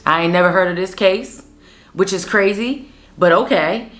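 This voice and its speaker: A woman's voice: mid-range voice, normal speed, fairly bright tone. A woman in her thirties from Pennsylvania, hosting a true-crime show in a chatty, casual storytelling way that often addresses listeners as guys. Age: 30s. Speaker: host.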